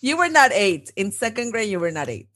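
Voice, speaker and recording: A woman's voice: mid-range voice, very animated, a little fast, a bit bright. A woman in her thirties co-hosting a podcast in casual chat, laughing often and mixing in Spanish phrases. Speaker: podcast co-host.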